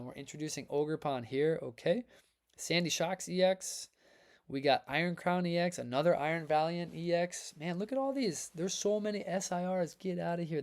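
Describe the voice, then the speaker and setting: A man hosting a trading card livestream, chatting casually with viewers in a hyped, upbeat way, his voice worn from reading. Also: fairly high pitch. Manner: energetic, hype-filled, talks to chat as folks and man. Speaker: livestream host reviewing trading cards.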